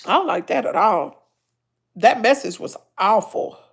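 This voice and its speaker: Tearful Southern woman with a gravelly voice. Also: mid-range voice, expressive, a little slow. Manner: tearful, heartfelt, talking straight to viewers. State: crying, nose stuffed up. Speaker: family vlogger. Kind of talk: emotional livestream talk to viewers.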